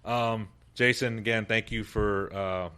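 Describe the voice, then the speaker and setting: A man's voice: on the low side, steady tone, a little slow, pushed and bright, clean tone. A man hosts a casual panel podcast in an easygoing, jokey way. His talk wanders and trips over itself as he restarts sentences and teases his guests. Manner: rambling, jokey, with many restarts. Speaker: podcast host.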